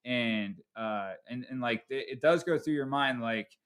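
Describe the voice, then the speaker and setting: A man's voice: mid-range voice, measured pace, fairly bright tone, clear, resonant tone. A man hosting a podcast, telling a story casually and profanely, tagging lines with "right?". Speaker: podcast host.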